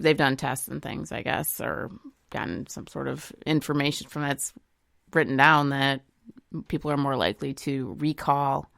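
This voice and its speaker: A woman's voice: very deep voice, vocal fry, a bit bright, dry recording, clean studio sound. A woman co-hosting a podcast, explaining tips and teasingly arguing back in casual chat. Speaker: podcast co-host.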